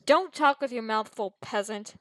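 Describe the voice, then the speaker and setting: A woman's voice: fairly high pitch, normal speed, no echo, close to an everyday voice. A woman reading aloud, voicing an arrogant young male fire demon with a haughty, condescending manner.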